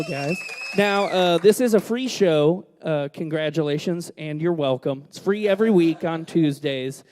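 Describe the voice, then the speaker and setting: A man's voice: on the high side, darkish tone. A man hosting a live comedy and music show in a small venue, joking with the crowd in a brash, profane way. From Kentucky. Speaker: host.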